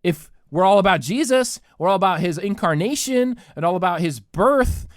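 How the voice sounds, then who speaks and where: Man, 30s, podcast host; sarcastic comic rant, very animated pitch, dry close sound. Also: moderate pace, no echo. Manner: mock-indignant, sarcastic, exaggerated. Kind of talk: comedic solo rant.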